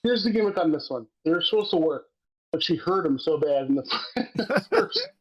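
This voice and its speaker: High-voiced man, profane excitable storytelling. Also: normal speed, breathy edge, lo-fi sound. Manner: profane, excitable storytelling, laughs while recapping. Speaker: wrestling podcast co-host. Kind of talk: casual chat.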